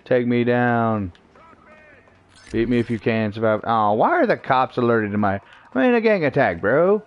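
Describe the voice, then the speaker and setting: A man's voice: medium pitch, big pitch swings, brisk, dull audio. A man streaming a shooter game, commenting playfully as he taunts enemies and acts mock-offended. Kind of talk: live gameplay commentary.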